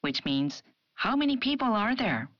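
A woman presenting a scripted language lesson, speaking example phrases clearly and carefully. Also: mid-range voice, very animated, moderate pace, lo-fi sound, heavy background noise. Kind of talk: scripted educational narration.

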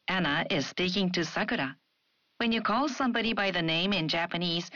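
Woman, language teacher, scripted lesson, measured delivery, dry recording, muffled sound. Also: on the low side, pushed and bright, no echo. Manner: clear, measured, with slow modeled pronunciation. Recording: dry, dull studio sound.

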